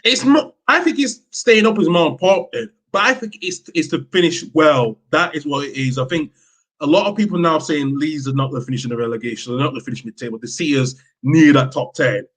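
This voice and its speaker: Passionate football fan. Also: male voice, fairly high pitch, a little fast. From Yorkshire, England. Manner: animated, passionate fan talk with many restarts. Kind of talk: casual live-stream football chat.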